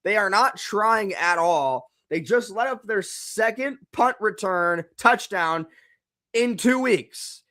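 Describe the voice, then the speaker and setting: A man's voice: high voice, expressive, takes it slowly, pushed and bright. Exasperated young man reacting to football. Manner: exasperated, repeats himself, swears. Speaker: live game reaction host. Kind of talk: live sports reaction stream.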